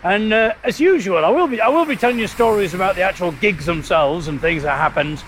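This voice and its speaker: A man's voice: high-pitched, expressive, fairly quick, fairly bright tone, a little hiss or hum. A man hosting his podcast while out on a river walk, telling stories in a rambling, self-deprecating way and laughing often. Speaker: podcast host. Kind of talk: casual walking monologue.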